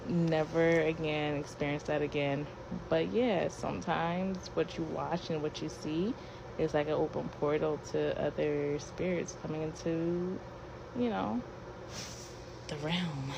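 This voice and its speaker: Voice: medium pitch, fairly even intonation, a little slow, vocal fry, noisy background. A person earnestly telling a personal spooky story in a casual way, repeating words.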